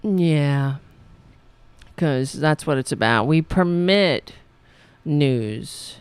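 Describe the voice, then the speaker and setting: A woman's voice: sits low, expressive, very slow, clean tone, no echo. A woman hosting a casual political livestream, blunt, sarcastic and profane, who often halts to search for her words. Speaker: livestream host.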